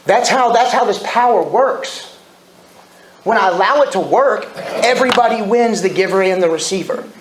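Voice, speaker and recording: A man's voice: high-pitched, expressive, moderate pace, slight background noise. Candid man telling his recovery story. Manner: candid storytelling, self-deprecating. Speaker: AA speaker. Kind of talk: recovery meeting share. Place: meeting room. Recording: echoey room with faint ambience.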